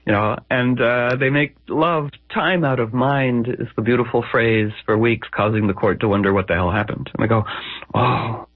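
A man's voice: mid-range voice, normal speed, hardly any pauses, no room sound. A man telling a legend on the radio, wry and conversational with digressions. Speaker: radio storyteller. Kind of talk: spoken-word storytelling. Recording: dry, tinny phone-like radio audio.

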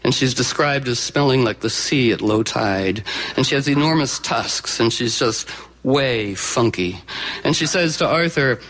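A man's voice: mid-range voice, lively intonation, unhurried, a bit bright, low-quality recording. A man telling an old legend live to an audience, chatty and digressive with lots of fillers. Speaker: storyteller. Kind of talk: live oral storytelling to an audience.

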